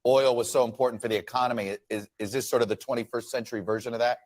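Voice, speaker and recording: A man interviewing a politician on TV, asking a measured, probing question. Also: mid-range voice, steady tone, a little mellow. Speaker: TV news interviewer.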